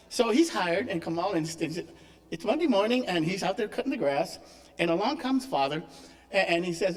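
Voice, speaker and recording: A man's voice: high-pitched, lively intonation, fairly quick. A man leading a church service, giving chatty announcements and telling a joke with laughter. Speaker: service leader.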